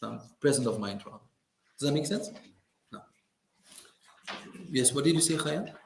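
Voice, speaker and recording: A man teaching a religious class in a community centre, lively and teasing, mimicking complainers. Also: medium pitch, normal speed, creaky, slight background noise. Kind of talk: lecture to a class. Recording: echoey hall.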